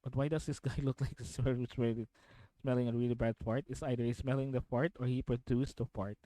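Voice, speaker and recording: A man's voice: mid-range voice, fairly even intonation, brisk, dark tone, no echo, rough recording. A young man from the Philippines streaming from home, chatting casually and rambling as he reacts to videos, repeating himself and laughing often.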